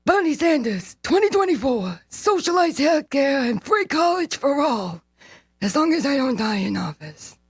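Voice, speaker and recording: A woman doing an impression of an old male politician, shouting campaign slogans in a high, strained voice. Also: very animated, normal speed, dry recording, studio quality. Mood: rallying.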